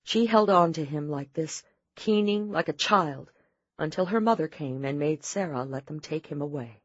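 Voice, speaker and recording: A woman reads an audiobook in a low, steady, measured voice. The recording is dry and close, with a slightly dull, muffled tone. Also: dry recording. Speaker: audiobook narrator. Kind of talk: scripted narration.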